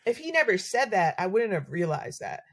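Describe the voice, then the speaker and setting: A woman's voice: medium pitch, big pitch swings, normal speed. A woman, a battalion chief guest on a podcast, chatting casually with lots of "like" fillers. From North Carolina. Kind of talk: casual conversation.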